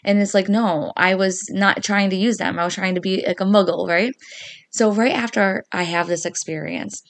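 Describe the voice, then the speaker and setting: A woman hosting a podcast, telling a ghost story in a casual, animated way, acting out what people said and laughing often. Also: medium pitch, normal speed. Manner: animated, acts out quoted voices, laughs often. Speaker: podcast host.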